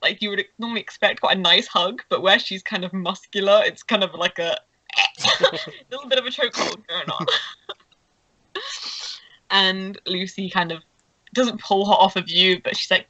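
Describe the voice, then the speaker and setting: A woman running a tabletop game in a casual, giggly way. Her voice is bright and forward. The recording is close and dry. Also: medium pitch, normal speed, no room sound, dull audio. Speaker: game master.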